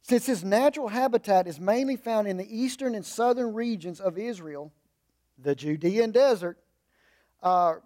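A man with a high voice delivers a conversational sermon at a moderate pace, folksy and relaxed, with humorous asides. He swings from emphatic, raised stretches to low, quiet asides.

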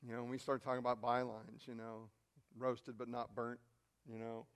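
A male pastor preaching a sermon, telling a story and swinging from quiet, intimate asides to loud, shouted peaks. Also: medium pitch, level tone, moderate pace, clear, resonant tone.

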